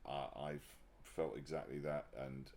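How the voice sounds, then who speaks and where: As a guest on a livestream, a man chats candidly and reflectively, often pausing and restarting sentences before growing animated as he tells anecdotes. His voice is extremely low with noticeable vocal fry.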